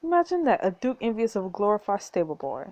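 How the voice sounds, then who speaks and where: A woman's voice: mid-range voice, big pitch swings, fast talker, a little mellow, lo-fi sound, lightly acted. A woman voicing a scheming, menacing aristocratic duke in a story game, with a sneering, condescending delivery.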